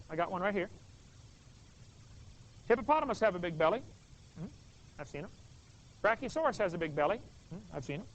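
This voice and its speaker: A man giving a joking Bible lecture to a live audience, folksy and full of questions for the crowd. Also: sits high. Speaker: creation seminar speaker. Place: stage with a display table. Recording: dull lo-fi video recording.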